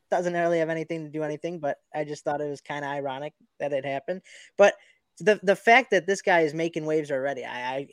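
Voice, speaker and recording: A man co-hosting a casual sports podcast over a video call, talking in a halting, hesitant way. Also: a little high, dry recording. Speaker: podcast co-host.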